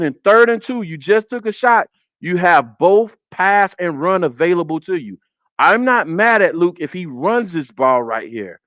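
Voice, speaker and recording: A man's voice: fairly high pitch, fairly bright tone, dry recording. A man hosting a casual football film breakdown on a live stream, repeating his points and talking to the chat.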